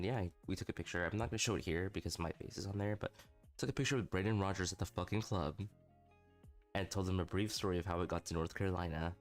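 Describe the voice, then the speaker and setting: A young man with a very low voice chats on his livestream, candid and self-mocking, swearing freely as he tells stories. Soft music plays faintly behind him. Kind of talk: casual storytelling stream.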